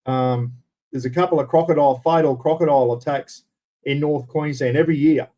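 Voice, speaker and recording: A man's voice: fairly high pitch, fairly even intonation, fairly quick, warm tone. An Australian man hosting a casual livestream, answering viewers in a blunt, rambling way with casual swearing. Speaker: livestream host.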